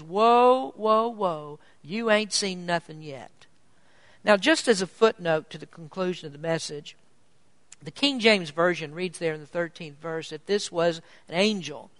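A man's voice: sits high, pushed and bright, dry recording. A man preaching an evening sermon with emphatic, urgent delivery. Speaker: pastor.

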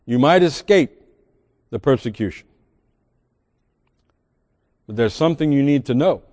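A man's voice: medium pitch, lively intonation, measured pace, a little mellow, big-room sound. A man preaching a sermon as pastor, reading scripture aloud with emphatic swells and sudden drops. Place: large church sanctuary.

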